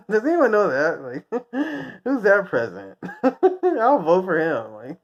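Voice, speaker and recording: A man's voice: high-pitched, huge pitch swings, slow. A man from the United States ranting casually, rambling and crude, often breaking into laughter at his own jokes. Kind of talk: casual profane rant. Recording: dull lo-fi recording.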